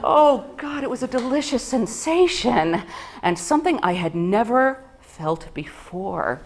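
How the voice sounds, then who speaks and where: A woman performing a self-mocking comedic stage monologue with an animated delivery. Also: a little high, a little slow.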